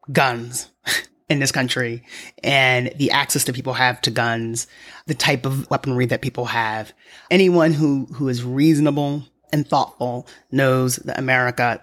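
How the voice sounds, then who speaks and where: Solo podcast host, mid-pitched, wry and conversational, thinking aloud in a quiet home apartment.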